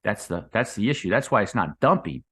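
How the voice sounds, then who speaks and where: A man giving casual commentary on crypto charts, rambling and calling his viewers "guys," with his voice dropping low on those asides. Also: big pitch swings, brisk, a bit bright, breathy edge. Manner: rambling, addresses viewers as guys, drops low on tag words. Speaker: crypto market analyst.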